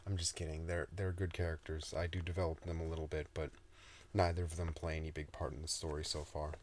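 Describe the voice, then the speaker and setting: A man's voice: very deep voice, little pitch movement, fast, slight background noise. A man reading his own story aloud in a soothing style, with casual, joking asides.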